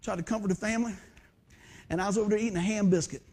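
A man. He spins funny stories from his own life, acting out the people in them and laughing along. His delivery is loose and animated. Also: high-pitched, rapid-fire. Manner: animated, acts out quoted voices, laughs often. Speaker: pastor. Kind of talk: storytelling sermon.

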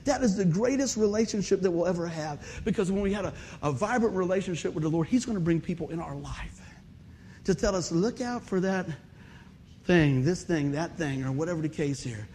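A middle-aged male pastor with a high voice tells funny stories as he preaches. He is animated, breaks into laughter and shouts out exclamations. A faint hiss sits behind him. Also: a little fast. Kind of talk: comic storytelling sermon.

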